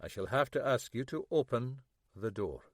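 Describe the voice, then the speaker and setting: A man voicing a gruff, older Scottish detective inspector who talks formally and gives commands. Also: mid-range voice, animated, moderate pace, no room sound, studio quality. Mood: commanding. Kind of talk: audiobook character voice.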